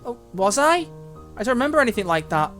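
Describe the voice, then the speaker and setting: A man reading out the lines of a teenage girl in a visual novel, soft, tearful and full of self-blame. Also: very high voice, sing-song, quick pace, soft background music, pitched above the performer's own voice, heavily acted. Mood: flustered. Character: cheerful teenage girl, sobbing and apologetic.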